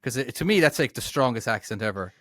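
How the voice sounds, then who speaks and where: A man's voice: medium pitch, expressive, fast, fairly bright tone, no room sound, clean studio sound. An Irish man co-hosting a podcast in casual chat, with hesitant restarts and self-deprecating remarks. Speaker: podcast co-host.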